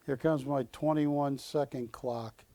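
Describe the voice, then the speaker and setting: A man's voice: mid-range voice, steady tone, slow pace, warm tone, no room sound. A man hosting a live shopping-channel auction, joking and pleading with viewers as he calls out the bids. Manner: jokey, pleading with viewers, rising calls of going once, going twice. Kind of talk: live on-air auction calling. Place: TV studio.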